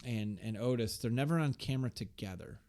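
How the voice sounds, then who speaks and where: A man's voice: mid-range voice, fairly quick. A man co-hosting a podcast, casually recapping a wrestling show, swearing often and reading out the promos. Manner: casual, profane, reads out promo lines in a flat recap voice. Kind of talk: casual chat.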